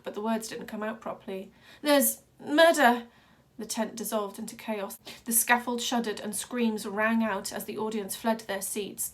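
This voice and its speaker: A woman reading a children's novel aloud with steady, dramatic narration. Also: fairly high pitch. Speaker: reader. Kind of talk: storybook read-aloud.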